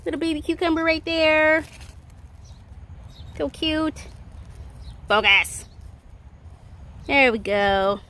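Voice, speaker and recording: A woman giving a casual garden tour vlog outdoors, chatty and excitable, laughing often as she talks into a handheld phone. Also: high-pitched, slow pace, pauses often. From Southern California. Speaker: garden vlogger.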